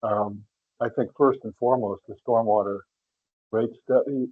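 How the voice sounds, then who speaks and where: A man with a husky voice speaks haltingly at a public meeting, stopping to clear his throat. The sound is thin and phone-like, close and dry. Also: lowish voice, fairly even intonation, dry recording.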